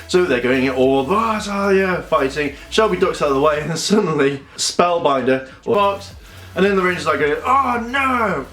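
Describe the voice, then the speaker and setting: A young man, chatting casually as a video reviewer and acting out scenes in quick little voices. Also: mid-range voice, a bit bright. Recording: echoey room with faint music.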